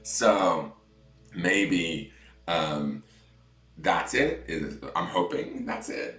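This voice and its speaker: Deep-voiced male tarot streamer, chatty and gently guiding, roomy echo. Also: a little slow. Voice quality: deep morning voice. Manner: chatty, reads viewer comments aloud. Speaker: tarot reader. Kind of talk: livestream chat and guided breathing meditation.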